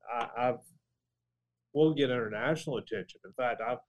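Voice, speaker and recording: A man's voice: mid-range voice, normal speed, rough recording. A middle-aged man from Georgia, a professor giving an interview. He explains at length and often restarts his phrases. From Georgia, USA. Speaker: political science professor, guest. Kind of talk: conversational interview.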